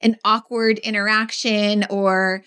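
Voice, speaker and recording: A woman co-hosting a podcast in casual chat, animated and acting out quotes. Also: mid-range voice, takes it slowly, smooth. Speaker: podcast co-host.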